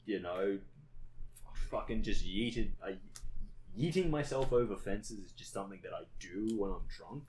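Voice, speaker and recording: A man's voice: lowish voice, animated, moderate pace, darkish tone, a little hiss or hum. A young man chatting on a podcast, telling stories animatedly, swearing freely and laughing along as he talks. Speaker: podcast co-host. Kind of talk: casual chat.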